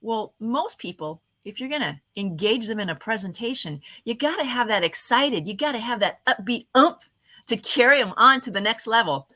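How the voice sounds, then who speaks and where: A woman hosts an online event and gives a motivational lesson on communication. Her voice is bright and carries well, and she keeps changing her delivery, deliberately slowing her speech to land each point. She speaks straight into a webcam at her computer. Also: on the high side. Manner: expressive, varies her voice often, slows down on purpose. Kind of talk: motivational talk on speaking skills.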